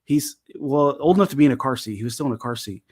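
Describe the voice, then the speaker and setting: A middle-aged man telling a long, profane family story in a casual chat, animated and laughing. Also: medium pitch, quick pace. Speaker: co-host.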